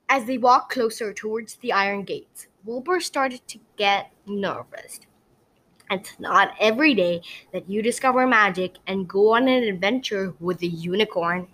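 A woman reading her own storybook aloud as narrator, animated and dramatic. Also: medium pitch.

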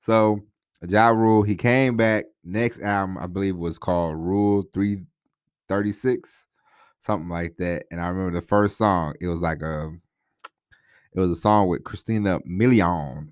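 A man's voice: sits low, steady tone, moderate pace, clean tone, no room sound, clean studio sound. A man hosting a podcast, talking casually and at length, repeating himself and often asking "you know what I mean?". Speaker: podcast host. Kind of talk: casual solo podcast talk.

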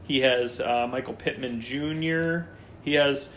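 A man hosting a casual fantasy football chat, reading through a roster in quick lists and joking with his co-host. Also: medium pitch. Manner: lively, lists players in quick runs, jokey.

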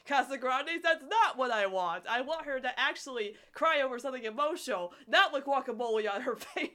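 A young woman with a slightly high, very bright voice, chatting casually about a show. She rants in an animated, exasperated way, leaning on "like" as she goes. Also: a little fast, few pauses. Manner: animated, exasperated ranting with frequent "like". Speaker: podcast co-host reviewing a cartoon. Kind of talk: casual chat.

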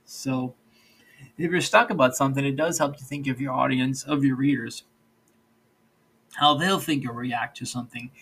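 A man's voice: mid-range voice, a bit bright, husky, low-quality recording. A man hosting a solo podcast, talking in a loose, rambling way with frequent restarts. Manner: rambling, loose, with many restarts and "all right, so". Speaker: podcast host.

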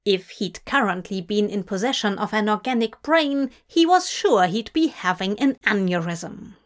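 A woman narrating a fanfic audiobook in a measured, expressive storytelling voice. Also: medium pitch. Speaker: audiobook reader. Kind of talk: scripted narration.

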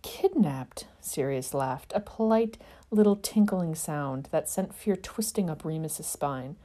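A woman narrating a fan fiction story in an expressive, dramatic reading. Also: sits low, unhurried.

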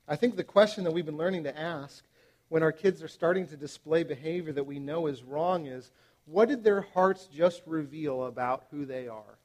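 A man in his thirties preaching to parents, animated and emphatic, with frequent fillers and restarts. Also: high voice. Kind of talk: sermon to parents.

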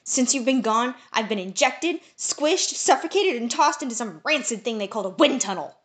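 A woman's voice: fairly even intonation, moderate pace, vocal fry, darkish tone, close to an everyday voice. A woman voicing a kind-hearted young male pixie in an audiobook, anxious and tearful. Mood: bitter. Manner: high-pitched and tearful, anxious. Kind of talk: audiobook character voice.

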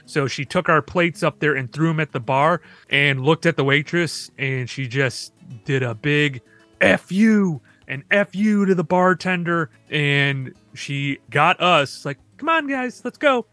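A man co-hosting a podcast, telling stories quickly and casually with laughs and asides. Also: a little high, pushed and bright, dry recording, faint music behind. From Michigan. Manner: fast storytelling with laughs and asides. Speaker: podcast co-host.

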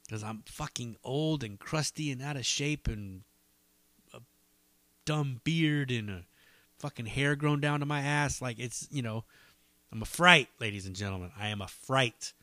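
A man talking alone into a podcast mic in loose, meandering chat, cursing freely and poking fun at himself. His voice is bright and forward, and the sound is dry and close with no room around it. He wanders between thoughts, full of "um" and "uh.". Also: medium pitch, a little slow, no room sound. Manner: rambling, profane, self-deprecating, many fillers. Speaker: podcast host. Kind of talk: casual solo podcast rambling.

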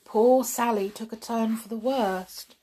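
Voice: medium pitch, steady tone, a little slow, dark tone, breathy edge, voice pushed up. A woman reading aloud voices a bossy girl who hates being told she is wrong, with a sarcastic edge. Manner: sarcastic and sure of herself. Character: bossy know-it-all girl patient.

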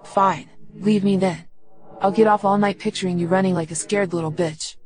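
A woman's voice: medium pitch, steady tone, normal speed, darkish tone, a little hiss or hum, lightly acted. A woman voicing a young woman lover who talks in a mocking, provoking way.

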